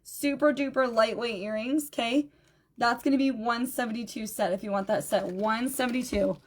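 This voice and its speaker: A woman with a fairly high voice runs a live-stream jewelry sale, chatty and friendly with her viewers. She sounds tired and low on energy, greeting people by name and repeating item numbers again and again. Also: normal speed. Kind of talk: live-stream sales chat.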